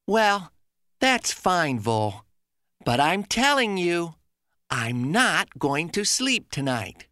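A woman voicing a stubborn, sleepy little boy creature in a children's cartoon, mumbling slowly through a bedtime story. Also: fairly low pitch, very animated, a bit bright, no room sound, clean studio sound, heavily acted. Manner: slow, drawn-out, sleepy mumbling.

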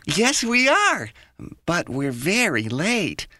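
A woman's voice: on the low side, wildly swooping pitch, slow pace, pushed and bright, dry recording, clean studio sound, exaggerated voice. A woman voicing an anxious companion of a vole in a children's educational audio story, urgent and worried.

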